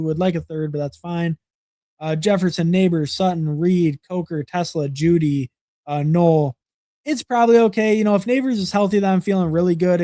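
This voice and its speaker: A man's voice: sits high, warm tone, dry recording, studio quality. A young man hosting a livestream, casually reviewing fantasy football draft picks and rambling with lots of fillers and repeated words.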